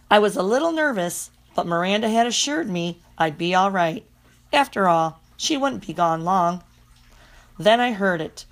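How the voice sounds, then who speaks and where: A woman narrating a children's storybook in the first person, lively and playful. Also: mid-range voice. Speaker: audiobook narrator.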